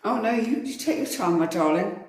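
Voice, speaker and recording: A woman's voice: medium pitch, expressive, brisk. Playful, teasing woman, casual chat, heavy room echo. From England. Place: indoors at home.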